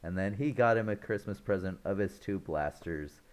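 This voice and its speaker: A man's voice: low voice, normal speed. A man casually recapping a film's plot for his channel, chuckling often as he rambles through the scenes. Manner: rambling, loose retelling with restarts. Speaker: online film reviewer.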